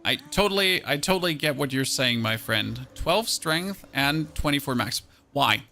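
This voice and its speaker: Bright-voiced German streamer. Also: male voice, medium pitch, a little slow, gravelly, slight background noise. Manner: chatty, answers chat, self-mocking, animated exclamations. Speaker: game streamer. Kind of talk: casual live-stream chat while gaming.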